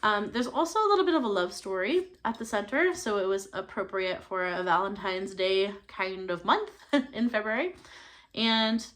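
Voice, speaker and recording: A young woman talks through her recent reads in a relaxed, chatty way. She hesitates with plenty of ums and laughs lightly between thoughts. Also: medium pitch, normal speed. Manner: chatty, many fillers and laughs. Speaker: book channel host. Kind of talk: casual book review chat.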